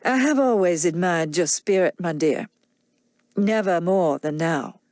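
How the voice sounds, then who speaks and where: A drunken husband with a slow, sneering drawl, as a woman reader puts him on. His voice sits low and unhurried, full of mockery. The audiobook recording is dry and close. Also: darkish tone, no room sound, natural voice. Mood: mocking. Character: drunken mocking Southern gentleman, menacing husband.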